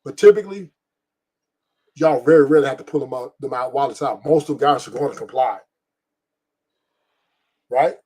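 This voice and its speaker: A man's voice: mid-range voice, moderate pace, long pauses, warm tone, husky. A middle-aged man hosting a stream, talking bluntly and profanely in a rambling, casual way and laughing often. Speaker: podcast host. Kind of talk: casual opinion talk on a live stream.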